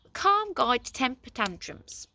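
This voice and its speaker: Cheeky talking box from a storybook, read by a woman, low and mocking. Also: very animated, measured pace, creaky, pushed and bright, heavily acted.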